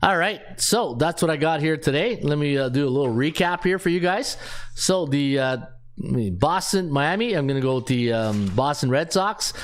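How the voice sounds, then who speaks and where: A man with a slightly high-pitched voice hosts a sports betting show. He talks through his picks casually, thinking out loud and reading numbers off a sheet. His speech is full of relaxed fillers. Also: moderate pace. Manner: thinks aloud, reads off stats with frequent fillers.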